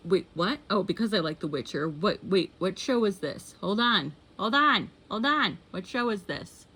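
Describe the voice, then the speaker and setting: A woman's voice: on the low side, animated, moderate pace, husky. A young woman chatting casually to camera at home as a vlogger, rambling with many fillers and self-corrections.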